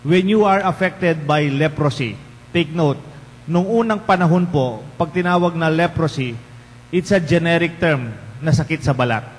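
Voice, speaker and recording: A man's voice: fairly high pitch, moderate pace. A man with a Filipino accent, a parish priest giving a conversational homily and putting rhetorical questions to the congregation. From Philippines. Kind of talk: bilingual homily. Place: large church. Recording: long church reverb, faint hum.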